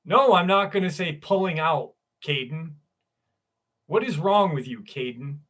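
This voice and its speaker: A man's voice: fairly high pitch, expressive, unhurried, fairly bright tone. A man hosting a live stream, reading out viewer comments in loose, chatty, sometimes profane talk, often laughing.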